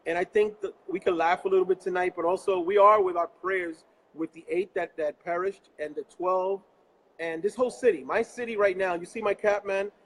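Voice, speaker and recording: A New York man hosts a live interview show from somewhere other than his office, his voice sitting high for a man. He talks earnestly with a preacher's conviction, in a steady tone and at a slightly quick pace. The audio quality is poor.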